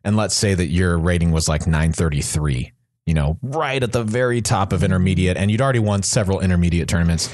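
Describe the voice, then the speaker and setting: A man's voice: sits low, expressive, fast talker, darkish tone, no echo, clean studio sound. A man co-hosting a podcast, answering listener questions in a rambling casual chat with many restarts. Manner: rambling, with frequent restarts and fillers. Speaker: podcast co-host.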